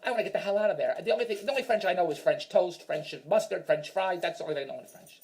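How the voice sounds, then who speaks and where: A man's voice: high voice, racing, darkish tone. A man telling a rambling, self-mocking stand-up story in an exasperated rant. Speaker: stand-up comedian.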